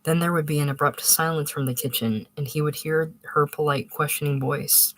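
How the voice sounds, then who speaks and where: Measured short-story reader. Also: medium pitch, fairly even intonation, fairly bright tone, poor audio. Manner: measured, with occasional restarts. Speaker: narrator. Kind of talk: scripted narration of a short story.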